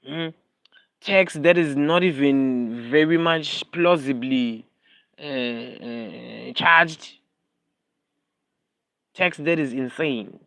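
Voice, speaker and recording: A man's voice: a little high, a bit bright, no echo. A young South African man with a South African accent, ranting heatedly and repetitively on a casual livestream, slipping into Zulu phrases. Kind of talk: casual live-stream rant.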